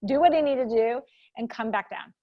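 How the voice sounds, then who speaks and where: A woman's voice: fairly high pitch, fairly quick, lo-fi sound. A woman hosting a parenting interview, often affirming her guest and reflecting back what she hears. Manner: affirming listener, frequent mm-hmms. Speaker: podcast host. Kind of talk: conversational interview.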